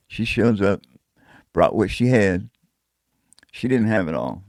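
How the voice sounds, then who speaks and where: A man with a low, gravelly voice recounts his own story in a loose, profane, conversational way. He breaks into a chuckle now and then. The recording is close and dry. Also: lively intonation, moderate pace, pauses often, darkish tone, no echo. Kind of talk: casual first-person storytelling.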